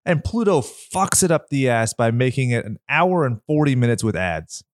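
A man with a nasal voice co-hosting a podcast, talking in a rambling, candid, lively way. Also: medium pitch, moderate pace, no echo. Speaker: podcast co-host. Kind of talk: casual podcast chat. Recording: dry close mic.

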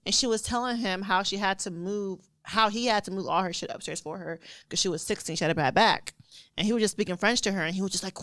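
A young woman chatting as a podcast co-host, blunt and swearing freely with easy laughs. Her voice is smooth and clear. The sound is dry and close, with no room around it. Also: mid-range voice, fast talker, fairly bright tone, no room sound. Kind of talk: casual chat.

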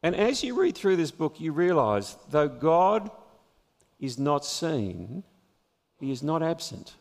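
A man preaching a sermon, retelling a scripture story with lively storytelling and chuckles at his own jokes. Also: fairly high pitch, slow pace, big-room sound.

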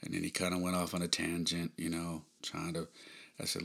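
A man in his thirties hosting a podcast, telling a personal story in a subdued, halting way with frequent sighs. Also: sits low, completely flat delivery, vocal fry, a bit bright. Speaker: podcast host.

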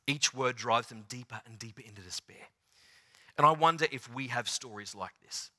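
Bright-voiced preacher man. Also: medium pitch. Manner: dramatic, swings from loud to hushed, retells scenes in acted voices. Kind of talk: sermon.

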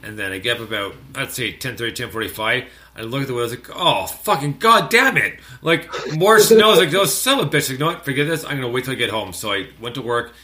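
A man from Canada hosting a music radio show, chatting casually and telling a rambling story full of fillers and animated outbursts. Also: medium pitch. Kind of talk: casual chat.

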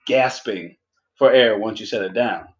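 A man's voice: fairly low pitch, a little slow. Young man, rambling, jokey co-host; roomy, muffled recording. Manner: joking, rambling, laughs a lot. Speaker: podcast co-host. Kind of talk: casual chat. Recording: echoey room, dull sound.

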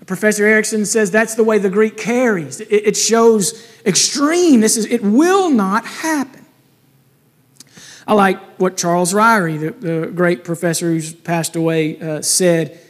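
A male pastor delivering a sermon, emphatic and rising to fervent peaks as he reads scripture and quotes. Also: high voice. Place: church sanctuary. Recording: long hall reverb.

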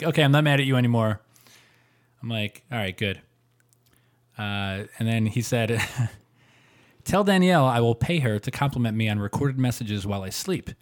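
A man co-hosting a podcast, telling animated stories with lots of fillers and quick laughs. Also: mid-range voice. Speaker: podcast co-host. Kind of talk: casual chat.

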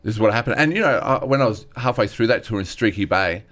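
A man's voice: lowish voice, quick pace. A young man, a stand-up comedian talking candidly and earnestly, acting out the voices of people in his stories. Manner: earnest, animated retelling with acted-out quotes. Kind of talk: candid conversational storytelling.

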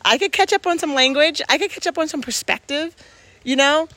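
A woman's voice: sits high, fairly quick, bright, forceful tone, dry recording. A woman in casual reflective talk, speaking earnestly and emphatically and restarting her sentences as she thinks aloud.

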